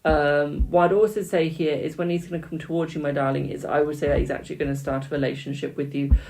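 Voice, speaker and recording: Speaking fast with a flat delivery and a slightly high voice, this twenty-something British man reads tarot on a live stream. He's chatty, laughs, teases, and addresses every viewer as "my darling." The recording is rough, full of loud keyboard clicks and typing.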